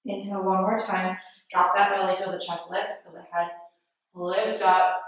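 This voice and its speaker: A woman yoga instructor leading a class with steady step-by-step breathing and movement cues in a yoga studio. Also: mid-range voice, normal speed. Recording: very echoey studio, mic far off.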